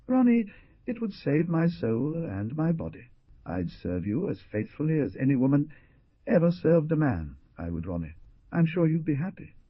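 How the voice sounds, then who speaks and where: A man's voice: fairly high pitch, sing-song, moderate pace, husky, no room sound, pitched above the performer's own voice. A man voicing a tremulous, desperate young society lady. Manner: tremulous, imploring. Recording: dull lo-fi dry recording.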